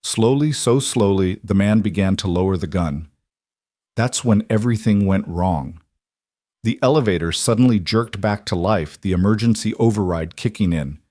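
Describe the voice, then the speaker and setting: Man, story narrator, lowish voice, dry close sound, steady dramatic reading. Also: dry recording.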